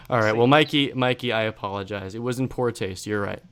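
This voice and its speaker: A man's voice: fairly low pitch, normal speed, a bit bright, smooth. A man co-hosting a podcast in casual chat, chatty and laughing often at himself. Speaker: podcast co-host.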